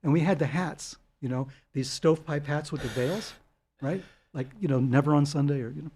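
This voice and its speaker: An older man, telling long anecdotes as a guest in an interview, animated and chuckling. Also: a little high, a little fast, slightly rough. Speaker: guest author. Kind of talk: storytelling interview.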